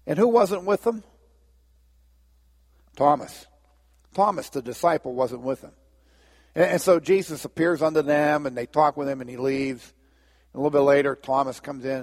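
A man preaching a sermon as pastor, telling a story and acting out the characters' lines in lively voices. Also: fairly high pitch, normal speed, in a large hall. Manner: storytelling, acts out biblical dialogue with lively voices.

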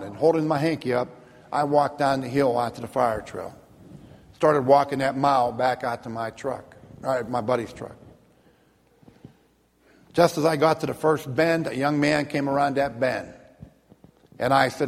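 In a large hall, a middle-aged man tells his personal testimony plainly and sincerely, repeating words now and then when moved. He speaks at normal speed in a mid-range voice that's creaky with a breathy edge.

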